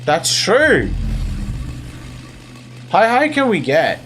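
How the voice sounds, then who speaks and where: A man's voice: high-pitched, wildly swooping pitch, extremely slow, a bit bright, a little hiss or hum. A tired man with a Belfast accent, rambling through casual gameplay commentary and joking at his own expense. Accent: Northern Irish, Belfast. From Northern Ireland. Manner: rambling, self-deprecating, repeats words. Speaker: gaming video host.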